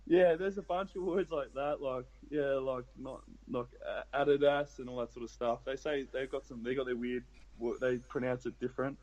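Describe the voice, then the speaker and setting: A man's voice: mid-range voice, steady tone, moderate pace, hardly any pauses, darkish tone, lo-fi sound, slight background noise. A young adult man with an Australian accent, chatting as a podcast guest in a laid-back, rambling way with plenty of swearing. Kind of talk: casual chat.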